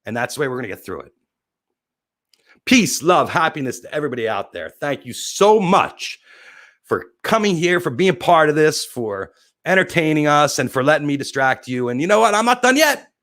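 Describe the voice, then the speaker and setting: A man's voice: on the high side, sing-song, normal speed, fairly bright tone, no echo. A middle-aged man hosting his own livestream show, talking in a rambling, heartfelt and openly emotional way. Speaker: host.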